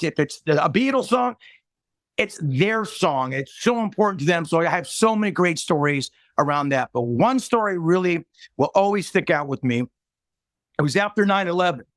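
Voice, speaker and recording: A musician guest tells a moving story in an interview, his high, slightly bright voice earnest and halting, with many restarts as he chokes up near tears. The recording has no echo.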